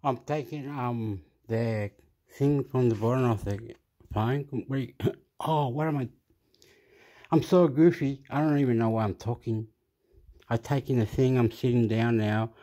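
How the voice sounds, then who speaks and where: A man's voice: mid-range voice, fairly even intonation, measured pace, mellow. Rambling man talking into a phone. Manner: scattered, self-interrupting, repeats phrases. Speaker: vlogger reacting to news. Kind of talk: rambling casual monologue. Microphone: phone held in hand.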